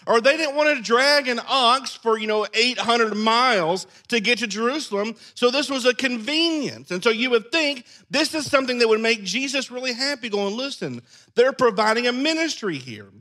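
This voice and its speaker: Bright, high-voiced pastor. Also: male voice, moderate pace, few pauses. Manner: animated, acts out scenes in character voices. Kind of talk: sermon.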